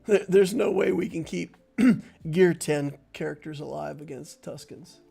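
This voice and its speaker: A man's voice: a little high, measured pace, creaky, warm tone, breathy edge, faint music behind. A man giving casual live-stream commentary on a game, chatting playfully with viewers and laughing easily. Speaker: gaming streamer.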